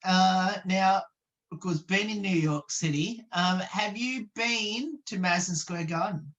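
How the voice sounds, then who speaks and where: A woman's voice: medium pitch, a little slow, muffled recording. A woman interviewer for a radio show, asking questions over a video call with many ums and uhs.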